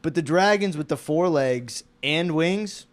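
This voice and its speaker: A man's voice: on the high side, expressive, measured pace. A young man co-hosting a comedy podcast in casual chat, joking and playful. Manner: joking, playful, slips into silly voices. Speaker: podcast co-host.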